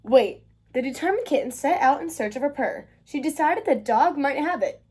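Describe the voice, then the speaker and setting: A woman from the United States reading a children's picture book aloud, expressive and sing-song. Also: high voice, a little fast. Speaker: children's book reader, channel host. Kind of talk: read-aloud storytelling.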